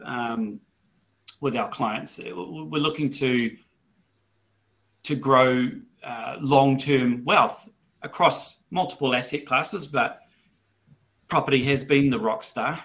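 Chatty New property adviser. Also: male voice, medium pitch, fairly bright tone. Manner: chatty, repeats words, many ums. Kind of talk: webinar panel talk. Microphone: video call.

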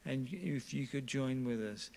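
Gravelly-voiced man leading prayer. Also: mid-range voice, a little mellow. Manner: slow, repetitive prayerful phrasing. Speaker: pastor.

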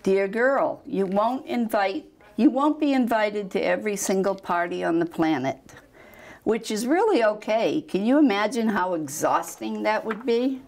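An older woman reading a children's book aloud in a slow, tender way. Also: medium pitch, lively intonation, a little mellow. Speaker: storytime reader.

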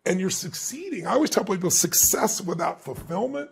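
Male guest speaker, fairly high pitch, gravelly rasp, animated interview storyteller. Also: a little fast. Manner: animated, emphatic storyteller who acts out quoted dialogue. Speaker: guest author and motivational speaker.

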